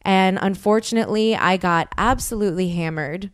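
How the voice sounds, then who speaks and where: A woman's voice: medium pitch, moderate pace, clear, resonant tone, dry recording. Emotional woman podcaster, candid and dry. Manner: emotional, self-deprecating, many restarts. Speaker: podcast host. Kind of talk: candid personal monologue.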